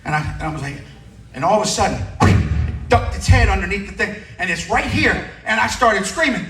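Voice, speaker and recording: A man doing a stand-up comedy set, telling a story with shouted screams and acted-out dialogue. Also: high voice, expressive, brisk. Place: comedy club stage. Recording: echoey club from a distance.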